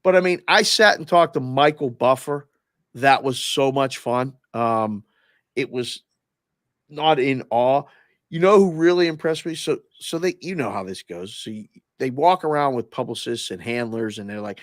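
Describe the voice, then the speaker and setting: A man's voice: medium pitch, normal speed, no room sound, clean studio sound. A man, a former oddsmaker, chatting casually as a guest and telling stories animatedly. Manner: animated storyteller, acts out the people he quotes. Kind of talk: casual sports-betting chat.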